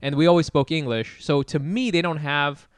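A man with a smooth, resonant voice pitched a little high, talking loosely on a podcast. He laughs easily and keeps up a steady stream of "yeah"s, and the sound is dry and close. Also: no room sound. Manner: laughs often, quick back-channel agreement. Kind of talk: casual podcast chat.

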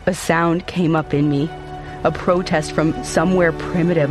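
A man narrating a dark first-person story in an intense, brooding, theatrical way. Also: on the high side, fairly even intonation, moderate pace, over music.

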